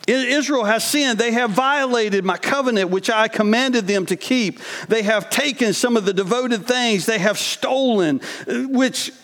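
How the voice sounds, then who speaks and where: High-voiced preacher man in reverberant hall. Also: a little slow, hardly any pauses, a bit bright. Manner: reads scripture, then breaks into earnest conversational asides. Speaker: pastor. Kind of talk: sermon with scripture reading.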